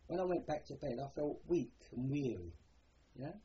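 A man's voice: fairly high pitch, lively intonation, normal speed, dark tone, muffled recording, slight background noise. An older man with a Cockney accent, recalling his war service in a rambling, plain-spoken way, often adding "you know". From London. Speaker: war veteran interviewee. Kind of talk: oral history recollection.

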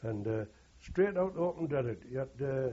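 A man's voice: medium pitch, lively intonation, moderate pace, dark tone. An older man, a war veteran telling rambling oral history anecdotes and quoting others with "he says". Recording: dull lo-fi recording.

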